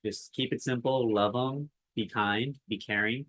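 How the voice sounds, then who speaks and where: A man hosting a casual podcast, speaking in a calm, earnest way as he wraps up the episode. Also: medium pitch, unhurried, dry recording, rough recording. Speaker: podcast host.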